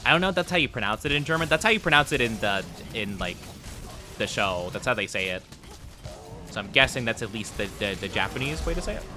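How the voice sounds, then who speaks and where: Over music, a young streamer talks fast and animatedly in a medium-pitched voice. He rambles through a casual chat with his live-stream audience while gaming, friendly with chat and heavy on filler words.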